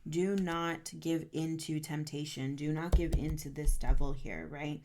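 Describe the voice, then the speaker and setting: A woman's voice: low-pitched, unhurried, background noise. A woman giving an earnest, encouraging tarot reading, often checking in with "right?" and getting a little stern as she urges the listener on. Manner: gets stern and amped up. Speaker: tarot reader.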